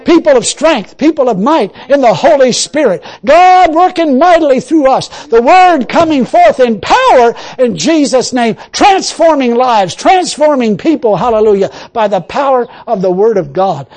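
Male pastor, folksy sermon and prayer, expressive rise and fall, peppered with hallelujah. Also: extremely high pitch, moderate pace, few pauses. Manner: folksy, repeating phrases, punctuating with hallelujah.

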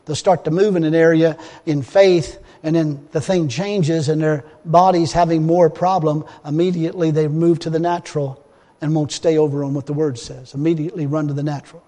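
A man's voice: fairly high pitch, steady tone, brisk, mellow, in a large hall. A man preaching a sermon in an emphatic, folksy way, often restarting his phrases.

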